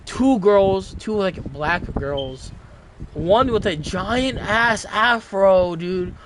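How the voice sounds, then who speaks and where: A young man tells a casual story in a rambling way, often restarting his sentences and leaning on fillers. His voice sits a little high for a man. A steady background noise runs under the recording. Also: very slow.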